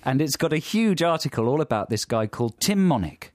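A man's voice: a little high, big pitch swings, brisk, no echo, studio quality. A man co-hosting a comedy podcast, enthusiastically telling a story with wry asides. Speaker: podcast co-host. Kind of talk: casual comedy chat.

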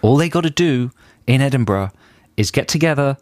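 A man co-hosting a radio show, dry and deadpan in his banter. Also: medium pitch, brisk, dry recording. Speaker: radio co-host. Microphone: studio microphone. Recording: dry studio sound.

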